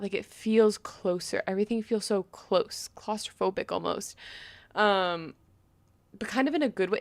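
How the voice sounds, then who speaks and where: Chatty young woman with a slight lisp. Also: medium pitch. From New York, Long Island. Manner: rambling, chatty, full of "like". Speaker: gaming vlogger. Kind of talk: casual chat while gaming.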